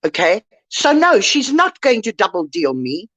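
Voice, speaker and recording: A woman's voice: mid-range voice, sing-song, normal speed, a bit bright. An older woman on an online call, ranting indignantly and lecturing someone in a live chat. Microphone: online call mic.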